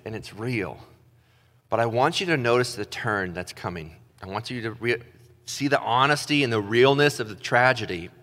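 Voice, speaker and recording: A man preaching a sermon as pastor, in a casual, self-deprecating way full of "like" and restarts, reading scripture slowly. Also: medium pitch, a bit bright. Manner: casual, self-deprecating, talks with his hands in filler words. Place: church stage. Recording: long hall reverb.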